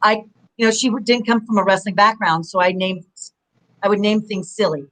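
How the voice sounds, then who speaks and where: A woman in her forties, a former wrestler and guest, telling rambling, animated stories full of "you know". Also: medium pitch, brisk, low-quality recording. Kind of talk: casual interview storytelling.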